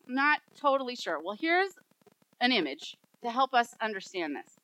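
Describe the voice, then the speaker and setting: A woman pastor preaching a sermon, telling a story in an animated way and acting out the voices in it. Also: fairly high pitch, moderate pace, dry recording, rough recording.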